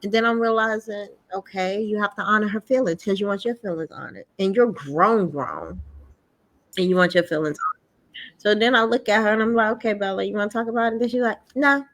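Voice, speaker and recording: A middle-aged woman in casual conversation, telling family stories in an animated way and acting out the voices of others. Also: medium pitch, brisk. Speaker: podcast host.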